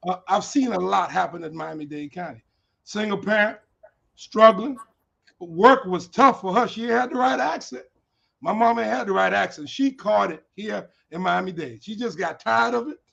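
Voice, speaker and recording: A man's voice: sits high, gravelly, a bit bright. A man speaking at a candidates' forum in an emphatic, folksy, repetitive way. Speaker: political candidate. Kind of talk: forum speech. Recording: muffled lo-fi sound.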